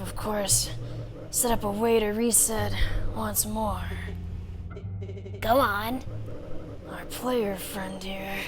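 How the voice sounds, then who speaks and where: A weary, cryptic little stoat trapped in a card, voiced by a woman who drops lower and quieter than her usual voice. Every line comes out slow and hushed, with a faint ominous weight. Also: background noise, natural voice.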